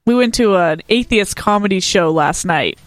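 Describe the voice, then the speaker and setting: A woman co-hosting a casual podcast, bubbly and joking, talking excitedly. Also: medium pitch, moderate pace, no room sound. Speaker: podcast co-host. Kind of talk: casual chat.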